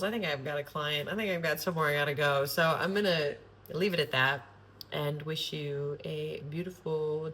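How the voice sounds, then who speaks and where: A woman's voice: low-pitched, fairly bright tone, slight background noise. A woman talking to camera in a loose, rambling monologue, earnest and sprinkled with swearing. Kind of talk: casual spontaneous monologue.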